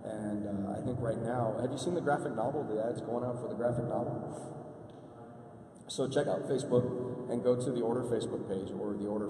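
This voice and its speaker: A middle-aged man, a convention panel guest, telling relaxed anecdotes. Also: fairly low pitch. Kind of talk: storytelling on a panel. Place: large convention hall. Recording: echoey hall from far off.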